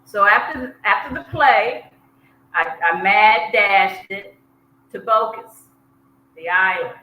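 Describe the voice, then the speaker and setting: A woman with a Southern US accent chats slowly and easily as a podcast guest, often laughing at her own slips. Her voice is bright and clear. She sounds like she is in an echoey room, with a faint hiss underneath. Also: medium pitch. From South Georgia, US. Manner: unhurried, chatty, laughs at herself. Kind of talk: casual interview chat.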